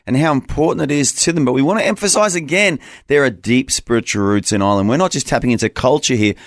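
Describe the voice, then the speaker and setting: A man's voice: medium pitch, fast talker, no room sound, studio quality. An Australian man co-hosting a morning radio show, upbeat and conversational. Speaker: breakfast radio co-host. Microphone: studio mic.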